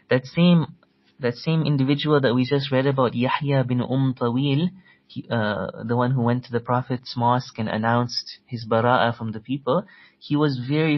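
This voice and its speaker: A man's voice: mid-range voice, muffled recording. A man giving an earnest religious history lecture, telling stories and reciting Arabic passages before translating them, often repeating words as he restarts phrases.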